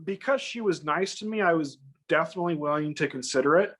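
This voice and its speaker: A man telling a long personal story in casual chat, animated and acting out other people's lines in raised voices. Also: fairly high pitch, fast talker. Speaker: guest.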